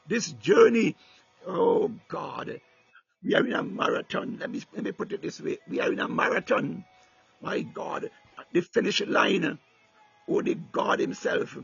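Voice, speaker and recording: A man's voice: high-pitched, creaky, fairly bright tone, husky, dull audio. A man preaching a sermon with fervor, repeating "my God" and "hallelujah" between phrases and breaking into tongues.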